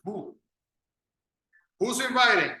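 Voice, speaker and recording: A man's voice: high voice, expressive, slow, pushed and bright, echoey room, rough recording. A man teaching an English class, patiently correcting students and drilling pronunciation.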